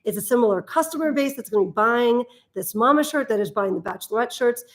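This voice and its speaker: A woman's voice: fairly high pitch, lively intonation, fast. A woman hosting a casual live stream, explaining design ideas in a chatty way with frequent laughs. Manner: chatty, laughs easily, restarts when explaining. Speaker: host.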